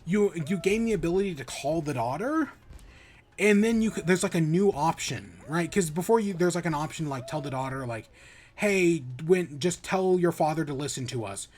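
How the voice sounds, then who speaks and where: A man's voice: on the high side, moderate pace. A man hosting a podcast, giving a casual, rambling spoiler review with frequent swearing, restarts and acted-out reactions. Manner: rambling, profane, animated retelling with many restarts. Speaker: podcast host.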